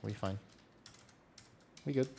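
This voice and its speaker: Man, slightly low voice, chatty, live gameplay commentary, allergy sniffles, keyboard clicks behind. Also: takes it slowly, vocal fry, a little mellow, slight background noise. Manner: chatty, explains rotations while reading chat. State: sneezing and coughing from allergies. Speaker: streamer playing a tank.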